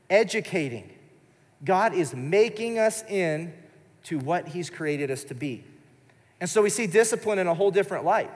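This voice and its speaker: A man in his thirties preaching a sermon in a church service, telling a personal story in a loose, conversational way. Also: high-pitched. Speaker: pastor. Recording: live in a large church hall with long reverb.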